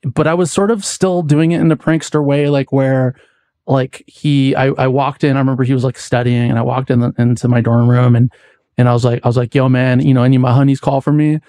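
A mid-pitched man tells a long personal story on a podcast, circling back with restarts and filler words. His voice sits close and dry on the mic, with no room sound around it. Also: level tone, a little fast, dark tone, no room sound. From United States. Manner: rambling, many likes and restarts. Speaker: podcast guest. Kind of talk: casual storytelling chat.

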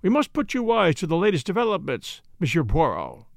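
A man's voice: fairly high pitch, wildly swooping pitch, fairly quick, gravelly, no room sound, clean studio sound, full character voice. A man voicing a genial chief constable, a colonel with a hearty, breezy manner in an audiobook. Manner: hearty, breezy, officer's bluster.

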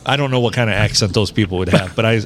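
A man's voice: on the low side, fast talker, fairly bright tone. A man co-hosting a podcast, trading dry wisecracks in casual chat. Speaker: podcast co-host.

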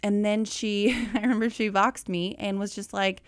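A chatty woman talks through budgeting like a coach. Her voice sits at a middle pitch and sounds close and dry, with no room around it. She keeps things lively and casual and calls listeners y'all. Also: normal speed, hardly any pauses, no echo. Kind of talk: casual talk.

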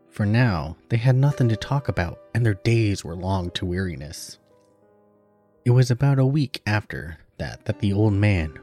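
A man narrating a story in a steady, subdued reading. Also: low-pitched, breathy edge. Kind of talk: audiobook narration.

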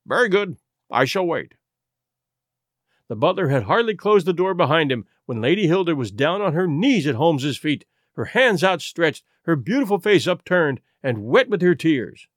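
A man narrating a classic detective story as an audiobook reader, in an expressive, dramatic way. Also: a little high, moderate pace, few pauses, dry recording, studio quality. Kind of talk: scripted narration.

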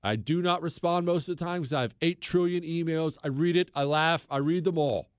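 A man hosts a talk show from a dry, close-miked studio, spinning a story with lively, joking energy. His voice sits a little on the higher side. He teases his co-host along the way. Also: a little fast, clear, resonant tone, dry recording.

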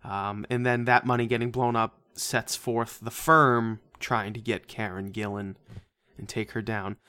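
A man's voice: fairly low pitch, flat delivery, measured pace, sharp tone, smooth, no room sound. Sarcastic, swearing man on a dry mic. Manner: profane, sarcastic, laughs often. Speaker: podcast co-host. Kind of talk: casual movie-review chat.

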